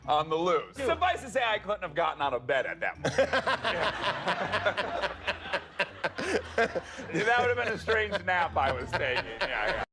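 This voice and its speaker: A man's voice: high voice, very animated, measured pace, long pauses, heavy background noise. A man telling a playful story as a talk show guest, laughing as he goes. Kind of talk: casual anecdote.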